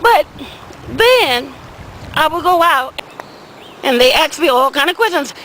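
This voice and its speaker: Uncle Dan, a woman doing a high-voiced rambling old man. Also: animated, a little slow, fairly bright tone, a little hiss or hum, low-quality recording. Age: older. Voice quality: folksy, rambling, repeats "I said" and "see". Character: older Southern man, rambling small-time weed seller. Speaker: comic character monologue. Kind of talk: comedic storytelling in character.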